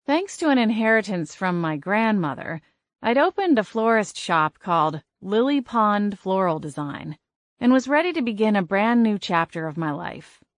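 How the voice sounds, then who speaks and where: A woman reads an audiobook in a brisk, expressive way, lending shape to each scene. Her pitch sits mid-range, and the recording is close and dry with no room sound. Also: no room sound. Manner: expressive, brisk character reading. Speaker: audiobook narrator. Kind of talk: scripted audiobook narration.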